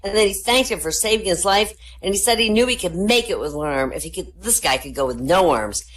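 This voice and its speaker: Woman, very low voice, joke teller, deadpan storytelling, comedy night in a voice chat. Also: a little fast. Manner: deadpan storytelling, lifts pitch for punchlines. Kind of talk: telling jokes at an online comedy night. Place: online voice chat room.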